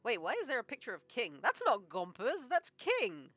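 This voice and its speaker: A woman animator chatting casually on a live stream while she draws, joking and thinking out loud. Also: fairly high pitch, huge pitch swings, moderate pace, no room sound. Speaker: animator streaming her work.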